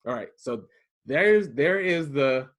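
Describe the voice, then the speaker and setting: A man in his thirties from Maryland telling a story in casual chat, acting out the quotes with lively jumps in his voice. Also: slow. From Prince George's County, Maryland. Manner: animated, acts out quotes with big jumps in pitch. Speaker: podcast co-host telling a story.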